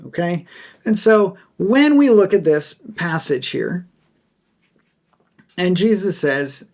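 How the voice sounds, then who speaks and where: A man's voice: lively intonation, slow. A man hosting a Bible teaching podcast who explains a passage in a lecture style. He is emphatic, repeats key phrases and acts out quoted lines. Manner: acts out quoted speech with bright pitch jumps.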